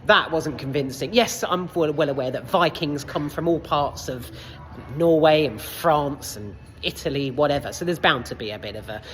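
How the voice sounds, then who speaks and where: A woman's voice: low voice, normal speed. A woman reviewing a film casually in a cinema foyer, hesitant, with many fillers and casual swearing. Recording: long reverb in a foyer.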